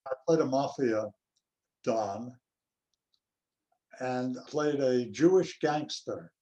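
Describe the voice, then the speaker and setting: An older male actor reminiscing in an interview, telling anecdotes in an unhurried way. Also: medium pitch, dark tone, muffled recording. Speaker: actor guest.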